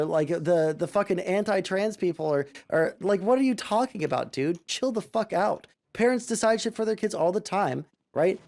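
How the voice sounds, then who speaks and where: A man's voice: high voice, animated, moderate pace, hardly any pauses, darkish tone. A man giving a casual reaction commentary as a streamer, ranting sarcastically and swearing a lot.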